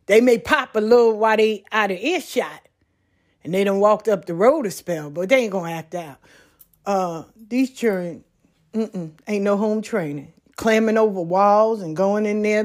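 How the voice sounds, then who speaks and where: Woman, porch monologue, folksy and animated, plain middle pitch, outdoors. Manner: folksy, animated storytelling with laughs. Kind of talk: casual monologue.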